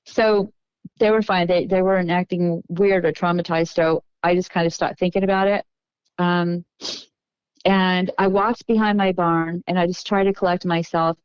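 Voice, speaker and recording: Middle-aged woman from texas, kinda low smooth voice, slow halting storytelling w lots of restarts. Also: no echo, low-quality recording. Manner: unhurried, halting recounting with restarts. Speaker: podcast guest. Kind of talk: personal storytelling.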